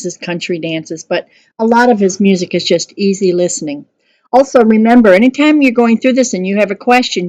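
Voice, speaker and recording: A woman teaching music history in a conversational way, often pausing and correcting herself. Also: fairly low pitch, a little mellow, no echo. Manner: conversational, with fillers and self-corrections. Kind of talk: recorded music history lesson.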